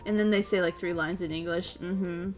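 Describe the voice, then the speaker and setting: A woman streamer chatting casually, telling a story in an excitable way, laughing often and acting out what people said. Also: lowish voice, moderate pace, faint music behind. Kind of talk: casual chat.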